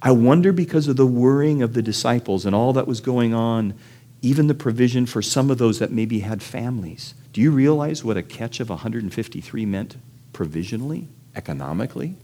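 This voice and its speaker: A man preaching a sermon in a conversational way, asking his listeners questions and acting out the people in his stories. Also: fairly quick. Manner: animated storytelling, acts out quoted voices with big pitch jumps; conversational, asks the audience questions. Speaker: pastor.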